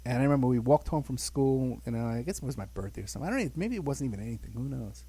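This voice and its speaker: A man's voice: medium pitch, lively intonation, very fast, warm tone, breathy edge. A man in his sixties from the Bronx, telling rambling childhood stories in a casual podcast chat, chuckling and saying "you know" a lot. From the Bronx, New York. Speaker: guest recounting his childhood.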